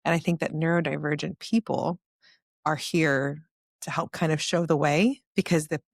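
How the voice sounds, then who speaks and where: A woman's voice: low voice, fairly even intonation, normal speed, creaky, dry recording, studio quality. A woman, a podcast guest, telling a personal story in an earnest, tumbling, emotional way. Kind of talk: personal storytelling in a casual interview.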